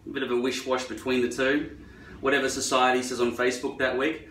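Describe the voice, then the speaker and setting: A man's voice: medium pitch, flat delivery, brisk, a bit bright, recorded from a distance. Man ranting profanely in a roomy echo. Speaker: vlogger. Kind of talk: rambling monologue while trimming hair. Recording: roomy echo, away from the mic.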